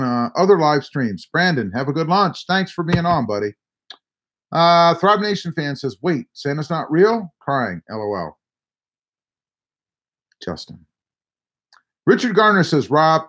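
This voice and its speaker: This is a man casually hosting a live stream, reading viewers' comments aloud and chatting back. His voice sits a little high for a man. He is easygoing and friendly, often calling people "man" and "buddy.". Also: fairly bright tone.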